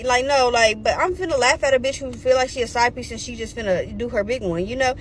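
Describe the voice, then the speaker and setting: A young woman spills a storytime rant, blunt and full of profanity. She keeps it lively and mimics everyone she quotes. A faint background noise sits under her voice. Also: high voice, quick pace, hardly any pauses. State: pregnant. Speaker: storytime vlogger.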